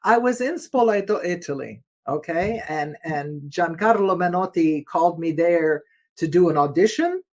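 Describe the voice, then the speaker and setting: Animated older woman telling stories. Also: normal speed. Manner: expressive, laughs often, dramatic shifts in pitch and loudness. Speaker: guest, former opera singer. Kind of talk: storytelling in a casual interview.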